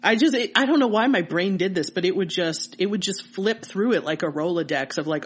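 A woman co-hosting a podcast, telling childhood memories in casual, animated chat. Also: on the low side, a little fast, few pauses, breathy edge. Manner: animated storytelling with laughter. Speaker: podcast co-host.

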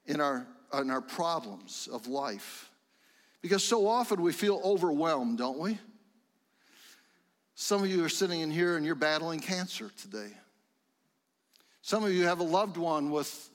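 A middle-aged man preaching a sermon in a church sanctuary, fervent and rising to excited exclamations. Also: on the high side, big-room sound. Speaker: pastor.

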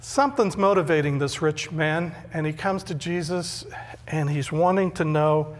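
Middle-aged pastor guy preaching, chatty, kinda high voice, big echoey hall. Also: moderate pace. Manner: conversational, repeats words when emphatic. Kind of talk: sermon.

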